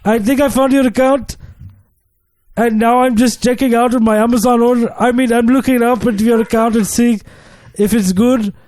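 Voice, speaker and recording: A man voicing a pushy, officious male tech-support agent in an improvised comedy skit, speaking insistently and loudly. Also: extremely high pitch, steady tone, normal speed, no room sound, pitched above the performer's own voice.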